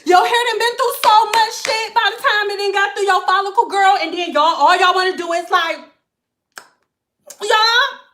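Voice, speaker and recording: A woman hair stylist chatting casually to live viewers, animated and blunt, swearing freely and slipping into playful put-on voices. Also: very high voice, normal speed, a little hiss or hum.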